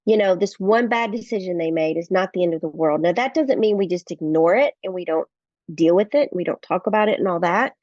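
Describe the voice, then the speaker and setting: A woman's voice: on the low side, brisk, darkish tone, no echo, dull audio. A middle-aged woman, a guest author, telling family stories in earnest in a podcast interview and acting out the dialogue.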